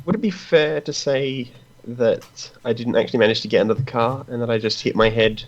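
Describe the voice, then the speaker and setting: A man hurriedly describes what his character does in a tabletop game, a bit self-deprecating. His voice sits at a middle pitch. The recording is dull, with a faint hiss. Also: fairly quick. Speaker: player. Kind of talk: casual chat in a tabletop game.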